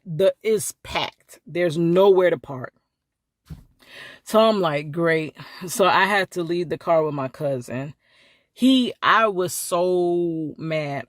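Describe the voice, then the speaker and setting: A woman's voice: dry recording, clean studio sound. A woman telling a story to camera in a casual vlog, acting out each person with big jumps in her voice and laughing often. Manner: animated, acts out quotes with big pitch jumps, laughs often.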